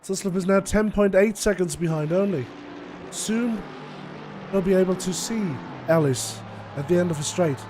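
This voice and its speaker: Guy with a high voice calling a sim race, chatty and analytical, laughs a lot, loud race car noise behind. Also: moderate pace. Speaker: race commentator. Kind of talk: live sim racing commentary.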